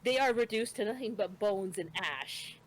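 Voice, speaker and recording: A woman's voice: mid-range voice, expressive, normal speed. A woman with children, co-hosting a podcast, chatting casually as she retells an anime episode, laughing often and tripping over names. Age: adult with children. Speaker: podcast co-host.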